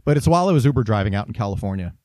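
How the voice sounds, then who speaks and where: A man's voice: fairly low pitch, animated, very fast, warm tone, no room sound. A man casually chatting and telling a story as a podcast host, laughing often. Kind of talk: casual chat.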